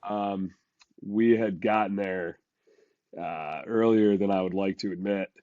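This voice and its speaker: Casual podcast co-host, male, stuffy from a cold, low voice, halting delivery, dry lo-fi sound. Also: steady tone, no room sound. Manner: halting, many fillers and restarts. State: congested from a cold. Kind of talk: casual chat.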